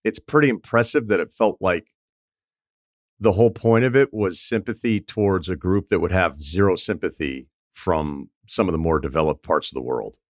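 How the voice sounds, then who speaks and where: A man's voice: low voice, moderate pace, dry recording, clean studio sound. A man hosting a podcast in reflective, casual conversation. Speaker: podcast host.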